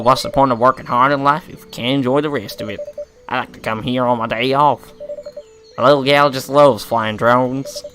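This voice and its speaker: A man's voice: medium pitch, a bit bright, a little hiss or hum, lightly acted. A man voicing a friendly middle-aged male shopkeeper and father in a put-on Australian accent, chatty and folksy.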